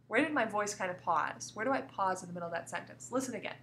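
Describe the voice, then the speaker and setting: In a recorded grammar lesson, a woman elementary school teacher with a medium-pitched voice reads example sentences aloud, pausing markedly. She stays lively and keeps prompting her young pupils with coaxing questions.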